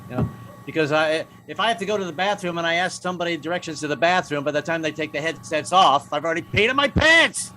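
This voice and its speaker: A man's voice: on the high side, fairly even intonation, fast talker, pushed and bright, slight background noise, low-quality recording. An older man doing stand-up comedy, wry and self-mocking, with stammering restarts.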